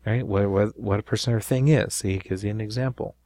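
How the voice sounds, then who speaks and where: Low, dry-voiced man teaching grammar. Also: fairly even intonation, brisk, mellow, no echo. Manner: explanatory, repeats with frequent "right?". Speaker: Spanish teacher. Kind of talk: recorded grammar lesson.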